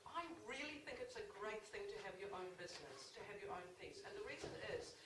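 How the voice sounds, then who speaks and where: A woman, talking briskly as a panelist at a small theatre. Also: medium pitch, lively intonation. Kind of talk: panel discussion. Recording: echoey far-off hall recording with hiss.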